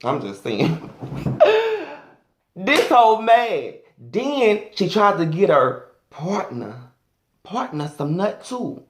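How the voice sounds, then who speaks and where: A man's voice: sits high, sing-song, takes it slowly, roomy sound. A man doing a sassy, flamboyant, profane comic rant as a vlogger.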